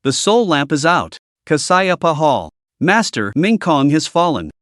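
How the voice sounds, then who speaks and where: A man's voice: a little high, sing-song, a little slow, fairly bright tone, no room sound, studio quality. A man voicing a young novice monk in a narrated story, calling out urgently. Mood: panicked.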